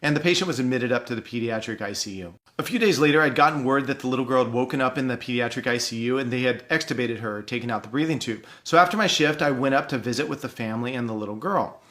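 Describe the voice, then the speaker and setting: A man, an ER doctor, earnestly recounting a true story from work in a measured, pausing way. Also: medium pitch, a bit bright. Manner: earnest, measured, pauses for effect. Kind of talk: personal storytelling.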